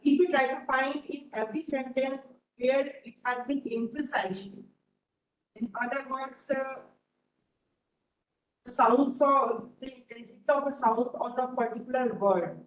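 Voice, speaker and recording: High-voiced woman asking from afar. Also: fairly even intonation, a little slow. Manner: searching for words, hesitant. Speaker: student asking a question. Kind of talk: audience question in a lecture. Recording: distant, echoey, dull room mic.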